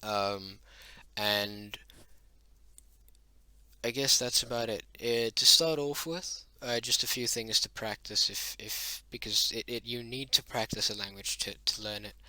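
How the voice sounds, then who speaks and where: A young man talking slowly through a homemade language lesson, his voice bright and tense with a fairly low pitch. He stops often for fillers and corrections and mutters to himself when he slips. The sound is dry and close, with no room around it. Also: no echo. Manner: halting, many fillers and self-corrections, mutters "oh, damn". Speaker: hobbyist language teacher.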